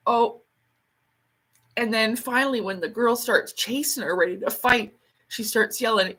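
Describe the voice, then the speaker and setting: A woman's voice: unhurried, long pauses. A woman chatting casually on a livestream, rambling from one thing to the next, laughing often and swearing now and then, and reading out viewer comments. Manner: reads out and answers viewer comments; acts out quoted lines in sharp, much higher bursts. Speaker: livestream host.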